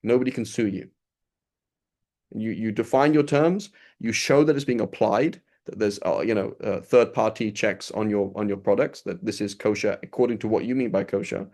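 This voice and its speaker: A religious teacher talks his listeners through a relaxed lesson, asking them rhetorical questions in a conversational way. His voice is lowish and a little mellow, and he moves at a moderate pace.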